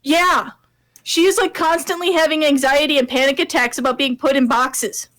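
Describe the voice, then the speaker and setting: A woman in her thirties with a high-pitched voice, chatting as a guest on a live stream. She tells family stories in an easygoing, talkative way. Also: fairly even intonation, moderate pace, a bit bright. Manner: chatty storyteller. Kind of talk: casual chat.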